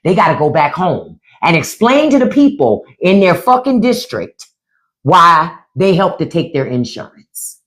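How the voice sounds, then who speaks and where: Animated, blunt woman hosting a livestream. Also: lowish voice, a little slow. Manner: animated, blunt and profane, mimicking others. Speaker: livestream host. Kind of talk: casual political commentary livestream.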